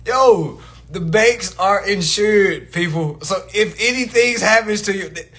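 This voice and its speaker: A man with a high voice hosts a livestream in a loose, casual rant. His tone is bright and forward, and he talks bluntly, swears freely and mocks people who disagree with him. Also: unhurried. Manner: blunt, profane, mocking. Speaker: livestream host.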